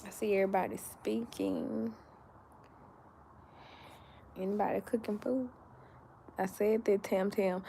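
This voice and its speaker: A woman's voice: medium pitch, steady tone, gravelly, dark tone, a little hiss or hum. Drowsy woman chatting to her viewers. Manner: slow and drowsy, talks straight to viewers. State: sleepy. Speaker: livestream host reading viewer comments. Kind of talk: casual live chat.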